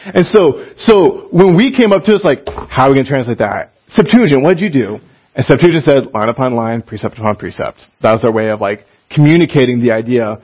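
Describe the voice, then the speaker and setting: Male teacher, casual and lively classroom delivery, mid pitch, muffled lo-fi audio. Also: a little fast, slightly rough. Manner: animated, chatty, laughs often, reads passages aloud. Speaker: Bible teacher.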